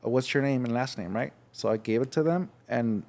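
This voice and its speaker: Young adult man from Los Angeles, podcast guest, frank halting storyteller. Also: mid-range voice, gravelly, a little mellow. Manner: frank, halting, acts out voices in his story. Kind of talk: casual storytelling.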